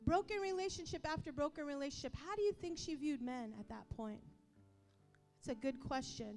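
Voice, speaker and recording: A woman preaching a sermon with passion, acting out quoted voices and rising to yelling at times. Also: sits high.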